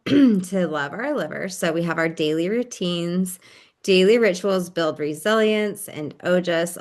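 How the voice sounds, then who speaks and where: A woman giving a calm, gentle wellness lesson in a casual, explanatory way, with frequent fillers. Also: lowish voice. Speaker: wellness teacher. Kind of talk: casual instructional talk.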